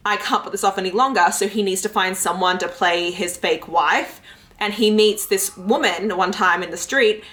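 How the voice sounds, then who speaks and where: A young woman in her twenties, chatting casually to camera in a reading vlog with lots of fillers, her voice jumping high when she gets excited. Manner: chatty and giggly, lots of likes and ums, jumps into high pitch when excited. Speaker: book vlogger.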